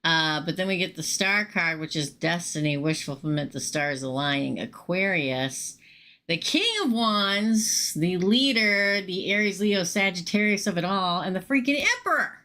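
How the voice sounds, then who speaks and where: A woman's voice: on the low side, normal speed. Chatty woman tarot reader. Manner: chatty, animated, swears casually and talks straight to viewers. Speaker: tarot reader hosting a live show. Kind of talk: casual storytelling on a live tarot stream.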